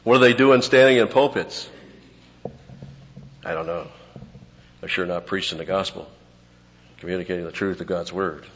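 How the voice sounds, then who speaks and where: Low-voiced man preaching in a reverberant hall. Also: normal speed, pauses often, highs cut off. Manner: conversational teaching, drops to quiet asides. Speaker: pastor. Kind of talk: expository sermon.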